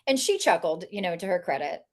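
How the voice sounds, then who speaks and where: Laughing, animated woman telling stories. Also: lowish voice, fairly quick. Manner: animated, laughing often, acting out quoted voices. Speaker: author and animal communicator. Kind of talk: storytelling interview talk.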